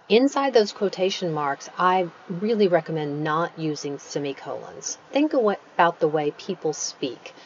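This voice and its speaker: A woman author teaching a writing workshop, patiently explaining craft and spelling out punctuation aloud, with lively rises for emphasis. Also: lowish voice, slight background noise. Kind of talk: recorded lecture. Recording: dull lo-fi recording with faint ambience.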